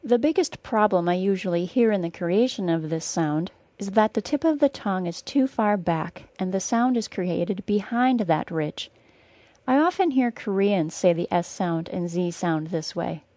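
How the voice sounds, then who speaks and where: A young woman from northern Wisconsin with a General American accent, teaching a pronunciation podcast lesson and slowing down to model each sound carefully. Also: mid-range voice, animated, warm tone, dry recording.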